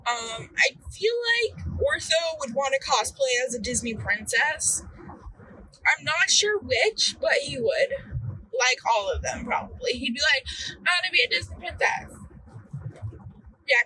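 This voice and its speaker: A woman's voice: high-pitched, sharp tone, a little hiss or hum, rough recording. A tired young woman hosting a podcast alone while driving. She chats casually, rambles, loses her words and swears freely. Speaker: podcast host. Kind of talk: casual solo chat.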